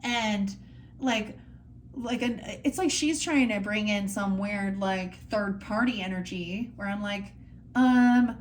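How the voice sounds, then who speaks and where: A woman's voice: medium pitch, measured pace. A middle-aged woman giving a casual tarot reading, blunt and frustrated, rambling and swearing freely. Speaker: tarot reader.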